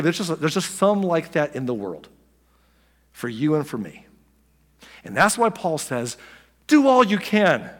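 Male pastor, slightly higher voice, casual preaching style with frequent asides, long hall reverb. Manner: conversational preaching with many asides and restarts. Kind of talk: sermon.

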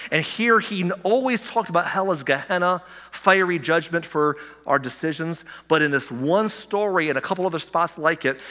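A man preaching from a church pulpit, his voice sitting a touch high and ringing bright and forceful. He gets carried away, tripping over restarts and firing rhetorical questions at the congregation. A long reverb trails each phrase through the sanctuary. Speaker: pastor. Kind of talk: sermon.

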